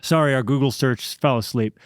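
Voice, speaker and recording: A man co-hosts a relaxed podcast conversation. He tells stories and picks up speed when he gets excited. His voice sits in a middle pitch, and the sound is dry and close. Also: clear, resonant tone, dry recording. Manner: storytelling, quick bursts when excited. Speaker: podcast co-host. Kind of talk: casual interview chat.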